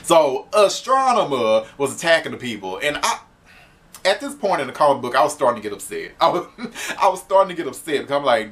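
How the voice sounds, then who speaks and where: A man's voice: mid-range voice, big pitch swings, fairly quick, fairly bright tone. Man with a mid-range voice doing a loose, chatty comic review, laughs a lot, swears freely. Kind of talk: casual spoken review.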